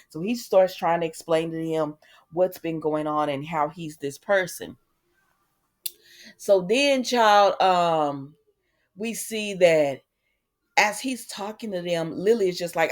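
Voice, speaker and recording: Woman, soap recap host, casual chat, lower voice, acts out quotes. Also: measured pace. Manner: chatty and animated, acts out quotes, many ums.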